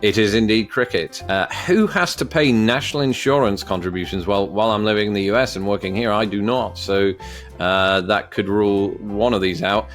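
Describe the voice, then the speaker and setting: Man, fairly low voice, wry quiz-reading vlog commentary. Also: normal speed, faint music behind. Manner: wry, joking asides while reading questions aloud. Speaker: vlogger. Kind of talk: casual commentary while taking an online quiz.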